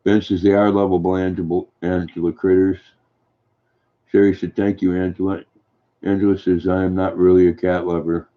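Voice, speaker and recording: An older man with a deep, flat voice chats gently with viewers in a folksy way. His voice comes through dull, lo-fi stream audio. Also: moderate pace. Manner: gentle, folksy, reads viewer comments aloud and answers them. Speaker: livestream host reading chat. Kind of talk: casual chat.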